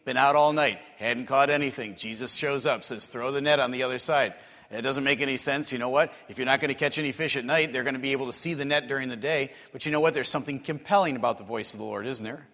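Storytelling preacher in a reverberant hall. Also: male voice, on the high side. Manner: storytelling, acts out quotes, rises to excited bursts. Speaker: pastor. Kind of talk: sermon.

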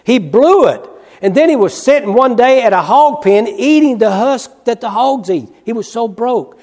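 A male preacher with a high voice delivers a sermon in a church sanctuary with a long, ringing reverb. He swings from loud, rapid bursts of emphasis to hushed, slow passages. He drives each point home by repeating it. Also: animated. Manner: repeats key phrases for emphasis. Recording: long reverb of a large hall.

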